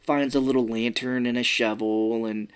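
A man's voice: medium pitch, fairly even intonation, moderate pace, clean tone. A man co-hosting a podcast, casually recapping a movie's plot and acting out the characters' lines. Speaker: podcast co-host.

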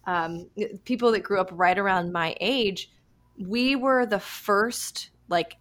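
A woman in her thirties hosting a podcast, chatty and animated with lots of "like" and quick asides. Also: medium pitch. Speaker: podcast host. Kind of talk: casual podcast conversation.

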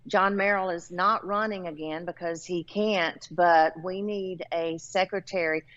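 A woman's voice: fairly low pitch, fairly even intonation, a little slow, a bit bright. A woman with a Southern American accent answering interview questions as a political candidate, earnest and plain-spoken. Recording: dull lo-fi audio.

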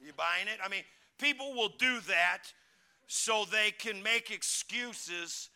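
Gravelly, sharp-voiced man preaching. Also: sits high, slow. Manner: emphatic preaching with call-and-response to the congregation; animated, breaks into shouts. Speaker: pastor. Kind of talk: sermon.

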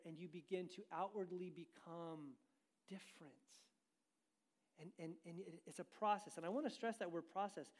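A man preaching a sermon as pastor, asking the congregation questions and driving his points with energy. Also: sits high.

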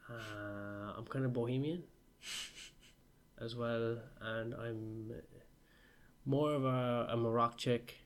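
A man in casual conversation, joking in a sarcastic, deadpan way. He co-hosts a podcast with a friend. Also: mid-range voice, slow pace, pauses often. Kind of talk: casual chat.

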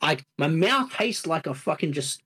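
A man's voice: a little high, sing-song, moderate pace, bright, forceful tone, husky. A man, telling a rambling story on a casual podcast, swearing and acting out what others said. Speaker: podcast co-host. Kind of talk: casual chat.

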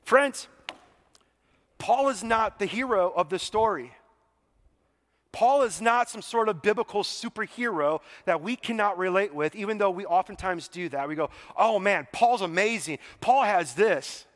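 A man preaching a sermon in a casual, animated way, acting out the scenes he retells. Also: high voice, normal speed, in a large hall. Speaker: pastor.

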